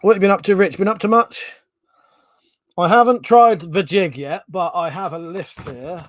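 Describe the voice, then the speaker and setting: A man's voice: high voice, normal speed, dry recording. A man with a British accent hosting a casual live stream, chatting sarcastically, swearing freely and reading out viewer comments. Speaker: livestream host.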